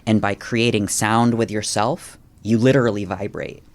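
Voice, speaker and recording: Lower-voiced man telling a spiritual story. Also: moderate pace. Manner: animated, acts out quoted lines in a raised voice; many fillers and restarts. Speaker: podcast guest. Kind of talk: conversational storytelling.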